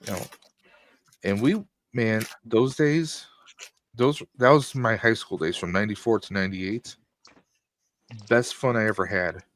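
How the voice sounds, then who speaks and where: A man's voice: fairly low pitch, a little slow, pauses often, fairly bright tone, a little hiss or hum. A man in his forties chatting casually on a stream, jokey and full of stories. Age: 40s. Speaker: guest on stream. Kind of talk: casual chat.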